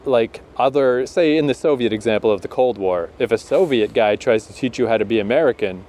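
A young Canadian man co-hosting a podcast in casual chat, animated and quick to laugh. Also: mid-range voice. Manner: animated, laughs often, slows down to make a point. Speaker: podcast co-host.

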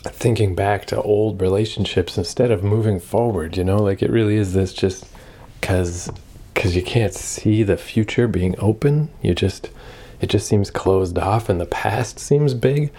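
A young man talks to his camera in a loose, rambling way, thinking aloud and swearing freely. His voice sits low and has a husky, slightly rough grain. The tone is dark and mellow. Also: a little slow. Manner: rambling, self-reflective, swears often. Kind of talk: casual personal vlog monologue.

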